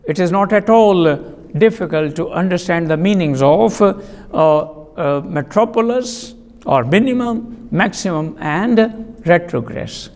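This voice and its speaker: A male teacher giving a classroom vocabulary lesson, speaking deliberately, spelling out words and repeating sentences for dictation. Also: high-pitched, lively intonation, darkish tone, long reverb tail.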